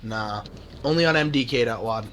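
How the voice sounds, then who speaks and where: A man's voice: medium pitch, moderate pace, a bit bright, faint music behind. A man streaming a video game, talking casually and sardonically, often swearing. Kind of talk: casual gaming chat.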